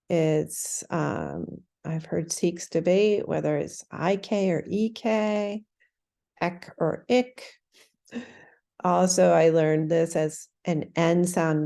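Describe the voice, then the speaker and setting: A woman teaching the pronunciation of a sacred text, thoughtful and self-correcting, stretching words out slowly when she demonstrates them. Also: deep voice, vocal fry, warm tone.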